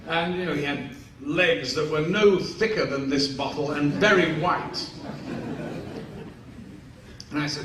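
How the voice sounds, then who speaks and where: Before a crowd in a large convention hall, a sixty-something man rambles through amused stories during a live Q&A, performing the quoted lines. He speaks somewhat high and a little slow, pausing often, with the distant mic catching hall echo and faint noise.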